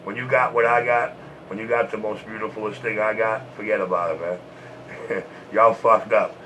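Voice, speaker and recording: Man, low voice, flat delivery, taunting, boastful, breathless from smoking. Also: fast, a little hiss or hum, poor audio. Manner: taunting, repetitive, laughs. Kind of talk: boastful trash talk.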